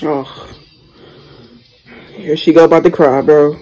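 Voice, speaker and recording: A young man hosting a reaction video, talking casually and excitedly in slang, exclaiming and chatting as he watches. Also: on the high side, slow, pauses often, rough recording. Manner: exclamatory, slangy, keeps saying "bro".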